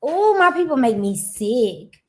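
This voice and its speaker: A woman's voice: fairly high pitch, very animated, a little slow, noisy background. A woman giving casual reaction commentary on a video, indignant and ranting.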